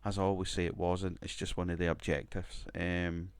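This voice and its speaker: A man's voice: low-pitched, level tone, moderate pace, smooth, dry recording. A man casually commenting on his wrestling management game, rambling, swearing and laughing now and then. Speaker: gaming video creator.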